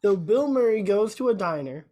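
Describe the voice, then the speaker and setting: A woman's voice: mid-range voice, lively intonation, normal speed, warm tone. A woman co-hosting a podcast, casually retelling a movie plot with lots of filler words. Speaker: podcast co-host. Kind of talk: casual chat.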